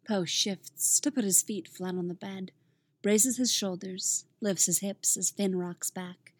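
A woman reading fan fiction aloud in a gentle, intimate storytelling manner. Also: mid-range voice, slightly rough, dry recording, studio quality. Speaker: audiobook reader.

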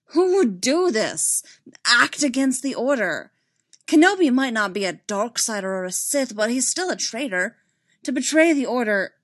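A woman's voice: medium pitch, normal speed, fairly bright tone, lightly acted. A woman reading as a stern Jedi master. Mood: agitated.

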